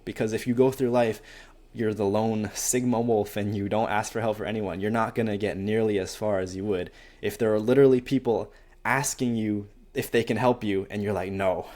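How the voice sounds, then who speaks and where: A young man, a college student, giving casual life advice to camera, rambling and acting out little conversations. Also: fairly low pitch. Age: young adult. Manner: rambling and animated, acts out quoted exchanges with lots of "like". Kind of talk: casual self-help talk to camera.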